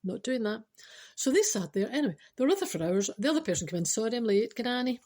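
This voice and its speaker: A Scottish woman hosting a podcast, telling a comic story with spiritual advice in a chatty, animated way full of teasing asides. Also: medium pitch, fast, husky.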